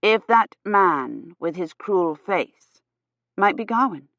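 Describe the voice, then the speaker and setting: A woman narrating an audiobook in a measured, unhurried reading. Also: on the low side, lively intonation, fairly bright tone, no echo. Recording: slightly dull, dry audio.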